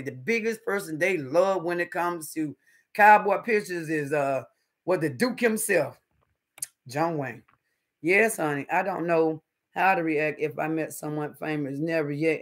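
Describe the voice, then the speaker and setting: A middle-aged man, chatting casually with viewers on his livestream and telling animated stories. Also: fairly high pitch, gravelly. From North Carolina, US. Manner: animated storyteller, calls viewers honey and baby. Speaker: livestream host. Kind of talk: casual live-stream chat with viewers.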